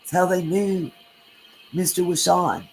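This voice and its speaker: A woman's voice: fairly low pitch, expressive, a little slow, gravelly, darkish tone, slight background noise, low-quality recording. A woman hosting a true crime livestream, chatting casually, reading comments and thanking viewers by name.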